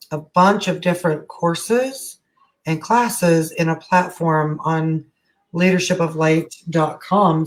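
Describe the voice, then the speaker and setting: A middle-aged woman leading a casual live energy-healing session, chatty and frank, with easy swearing. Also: fairly low pitch. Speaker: energy healer.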